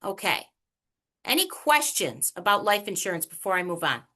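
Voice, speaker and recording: A woman presenting a money workshop over a video call, chatty and animated, teasing the audience with questions. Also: mid-range voice, moderate pace. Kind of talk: online workshop lecture.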